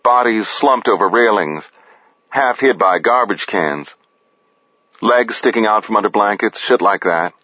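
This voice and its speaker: Male narrator, deadpan, gritty story reading, dry, dull lo-fi sound. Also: lowish voice, a little slow, dry recording. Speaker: audiobook narrator. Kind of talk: gritty first-person and third-person narration.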